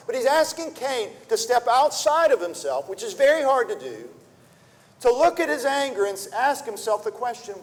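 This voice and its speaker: A man's voice: extremely high pitch, very animated, moderate pace. A man preaching a sermon, earnest and full of rhetorical questions, often repeating words as he restarts a thought. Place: church sanctuary. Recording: long reverb of a church hall.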